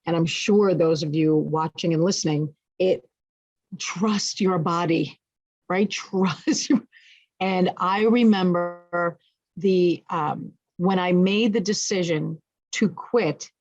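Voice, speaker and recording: A woman's voice: fairly low pitch, no echo. Frank storytelling woman, dull lo-fi sound. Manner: frank, expressive, self-deprecating humor. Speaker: interview guest. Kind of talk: candid personal storytelling.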